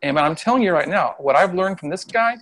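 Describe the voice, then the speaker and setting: A middle-aged man, a Chinese medicine practitioner, telling a story in casual conversation from home over a video call, animated and laughing often. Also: sits high, a little fast. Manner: animated, acts out voices when quoting people, laughs often. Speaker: Chinese medicine practitioner and qigong healer, interview guest.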